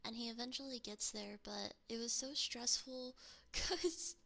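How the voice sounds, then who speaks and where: A woman streamer whispers through a rambling story in ASMR chat, taking her time over each phrase. Her soft voice carries a crisp, bright edge with plenty of gravelly fry, picked up close on a binaural mic. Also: a little high, unhurried.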